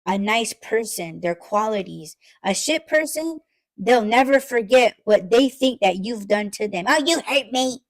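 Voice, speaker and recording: A woman's voice: medium pitch, expressive, a little slow, poor audio. A woman in casual podcast talk, blunt and profane, ranting and mimicking the people she criticizes.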